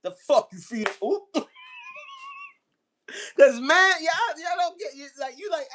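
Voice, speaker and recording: A woman's voice: sits high, animated, slow, pauses often, fairly bright tone. A woman hosting a casual livestream chat, answering messages bluntly and profanely, laughing often and acting out the voices in her stories. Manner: acts out quoted voices while telling stories.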